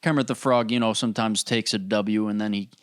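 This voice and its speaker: A man's voice: on the low side, steady tone, brisk, clear, resonant tone, no room sound, studio quality. A man hosting a podcast, ranting casually in a rambling, profane way full of "dude" and "bro". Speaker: podcast host. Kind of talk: casual solo rant.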